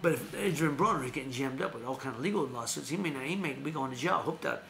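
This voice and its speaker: A man's voice: medium pitch, animated, quick pace, vocal fry, fairly bright tone. Rambling man hosting boxing chat in an echoey room. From United States. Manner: rambling, repeats names and restarts phrases. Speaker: host. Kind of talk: casual boxing news chat. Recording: echoey room with faint ambient noise.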